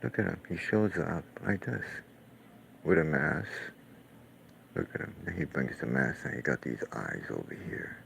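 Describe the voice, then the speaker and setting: A deep-voiced man with a rough, gravelly edge rambles through a profane, scornful rant. He talks as a painter reacting to clips, drifting from point to point with a faint hiss of noise behind him. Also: very animated, moderate pace, fairly bright tone, poor audio. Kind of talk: casual ranting commentary while watching clips.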